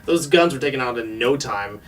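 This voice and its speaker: A man's voice: medium pitch, lively intonation, fairly quick, fairly bright tone. A man co-hosting a casual review show, joking his way through a recap of the episode and slipping into goofy quoted voices. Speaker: podcast co-host. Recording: distant mic with faint music.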